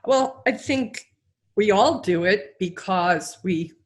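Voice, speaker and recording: A woman's voice: medium pitch, lively intonation, slow. A woman hosting a podcast interview, chatting casually and affirming her guest. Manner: encouraging, affirming. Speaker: podcast host and coach.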